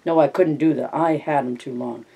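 A man's voice: fairly high pitch, moderate pace, mellow, husky, far from the mic. A man voicing a weary old ranch swamper who speaks in plaintive, complaining phrases in a read-aloud story.

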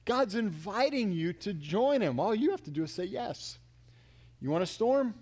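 A man's voice: high-pitched, sing-song, moderate pace. Man preaching with dramatic swings. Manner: dramatic swings from loud to hushed, acting out quotes. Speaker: pastor. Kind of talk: sermon.

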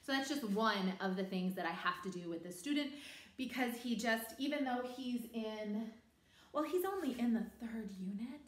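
A woman's voice: fairly high pitch, normal speed. A woman and online English teacher, chatting casually in a vlog about her lessons. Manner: chatty, animated, over-enunciates with the student. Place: home teaching room. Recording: roomy echo.

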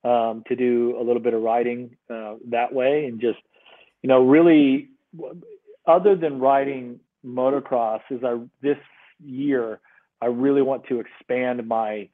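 A man's voice: mid-range voice, unhurried. Middle-aged man on a tinny line. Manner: relaxed, rambling with many fillers. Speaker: podcast guest. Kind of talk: casual conversation.

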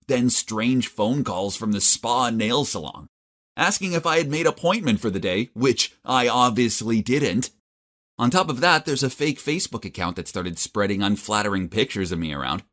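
A man narrating a first-person story as an awkward, nerdy teenage boy, animated and exasperated. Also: mid-range voice. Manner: animated, exasperated, self-mocking.

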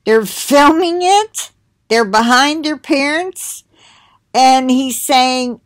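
A woman's voice: sits high, slow, no echo. A middle-aged woman hosting her own video, chatting to viewers in a rambling way and reading titles aloud with asides. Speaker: video host sharing links. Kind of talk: casual monologue to viewers.

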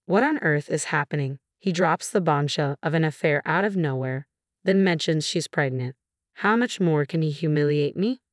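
A woman narrates a first-person family drama in a low voice. Her delivery stays steady and even throughout. The recording is close and dry, with no room sound. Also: moderate pace, no room sound.

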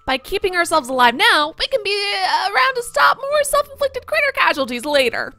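A woman putting on a crisp British lady doctor. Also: very high voice, big pitch swings, a little fast, bright, forceful tone, no room sound, soft background music, voice pushed up, full character voice. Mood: matter-of-fact. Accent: put-on British.

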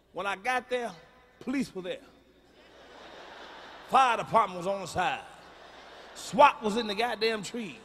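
A middle-aged man doing a profane, blunt stand-up routine, booming out his punchlines live in a large venue. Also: a little hiss or hum. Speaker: stand-up comedian. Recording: live stage mic in a reverberant arena.

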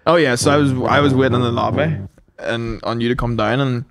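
A man's voice: medium pitch, fairly even intonation, fairly quick. A young adult man, co-hosting a podcast and telling stories in teasing, giggly banter. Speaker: podcast co-host. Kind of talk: casual banter.

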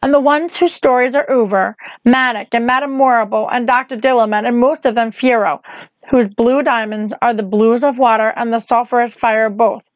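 A woman reads a novel aloud in a measured, steady way. Her voice sits a little high. The recording is close and dry, with no room sound. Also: dry recording, rough recording. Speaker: reader.

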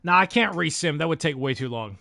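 A man streams live commentary on a hockey video game simulation and talks to his chat. His voice sits high and sharp, and he talks at an unhurried pace, swearing freely and bursting into loud exasperated outcries. The sound is dry and close, with no room echo. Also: animated, creaky.

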